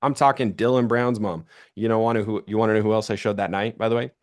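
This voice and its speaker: A young man with a lowish voice talks quickly while delivering a sales training session to an audience. He tells animated stories and performs the voices of the people he quotes.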